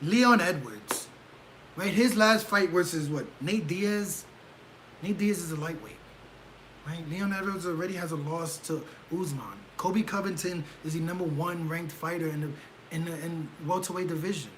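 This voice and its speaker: Livestream host, male, high bright voice, excitable and rhetorical, faint hiss on the recording. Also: normal speed, rough recording. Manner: animated, rhetorical, keeps asking "right?"; gets loud and excitable. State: leg cramp. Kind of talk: casual livestream commentary.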